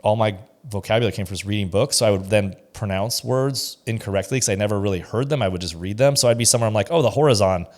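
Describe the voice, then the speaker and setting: A man's voice: on the low side, fast, hardly any pauses, a little mellow. A man who is a pastor, co-hosting a podcast and giving his views in an emphatic, opinionated way. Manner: opinionated, emphatic, acts out quoted voices. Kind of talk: casual podcast discussion.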